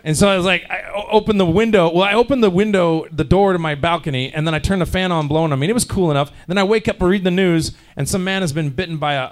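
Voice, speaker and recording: Voice actor on a convention panel, tired, rambling, self-deprecating, a touch high-pitched, dry sound. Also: male voice, no echo. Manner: rambling, self-deprecating, joking, with many restarts. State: tired and jet-lagged. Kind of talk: casual panel talk to a live audience. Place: convention hall panel room.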